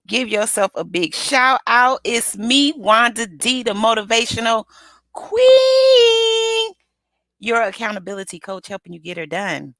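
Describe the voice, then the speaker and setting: A woman's voice: mid-range voice, normal speed, hardly any pauses, bright, forceful tone, no echo. A woman hosting a live motivational stream as an accountability coach, chatty and upbeat, greeting viewers by name and calling out to her audience in casual slang.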